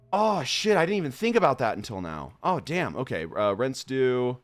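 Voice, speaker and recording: A young man streaming a horror game live, rambling off on tangents with frequent swearing and laughter, and reading the on-screen text aloud quickly. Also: medium pitch, big pitch swings, no room sound. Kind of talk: live gameplay commentary.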